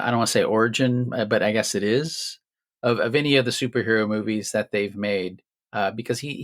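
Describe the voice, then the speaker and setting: A man's voice: mid-range voice, a bit bright, no echo. A man cohosting a film podcast, chatting casually and reading a comic synopsis in a jokey, rambling way full of fillers.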